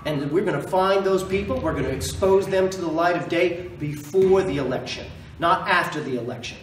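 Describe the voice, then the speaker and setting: A man on the campaign trail speaks with emphatic, repeated phrases and a fairly high voice. He is recorded from across an echoey meeting room, with faint room noise behind him. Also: moderate pace, distant mic. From Maine. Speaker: political candidate. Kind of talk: campaign stump speech.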